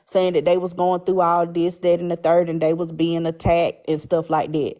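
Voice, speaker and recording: A woman talks on a live stream in a loose, rambling way, leaning on fillers as she makes her point. Her voice is low and mellow. She sounds relaxed and unhurried. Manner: rambling, casual, filler-heavy. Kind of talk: casual live-stream chat.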